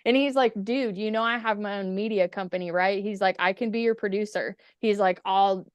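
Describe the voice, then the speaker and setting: A woman's voice: medium pitch, fairly even intonation, a little fast, smooth, no room sound, dull audio. A woman chatting as a podcast guest, telling stories casually, swearing freely and acting out the quotes. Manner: chatty, profane, acts out quotes. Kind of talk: casual storytelling.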